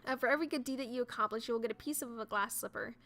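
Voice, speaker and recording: A woman voicing a gentle female fairy who speaks softly and reassuringly in a game playthrough. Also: fairly high pitch, racing.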